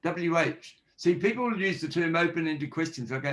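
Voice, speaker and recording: A man's voice: fairly high pitch, expressive, moderate pace, a bit bright. A man speaking as a forensic linguist in a podcast interview, explaining point by point and acting out example questions. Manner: explanatory, lists examples and acts out sample questions.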